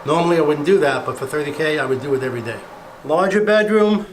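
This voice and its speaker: A man's voice: a little high, quick pace, slight background noise. A man who invests in real estate, giving a casual, plain-spoken walkthrough of a house he is renovating, thinking aloud as he goes. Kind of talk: walkthrough property tour. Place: empty house under renovation, indoors. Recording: echoey bare rooms.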